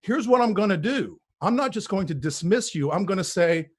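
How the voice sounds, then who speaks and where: A man's voice: sits high, lively intonation, moderate pace, breathy edge. A personal trainer in his forties speaking as a podcast guest, emphatic and preachy, often repeating words as he builds a point. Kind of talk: conversational interview.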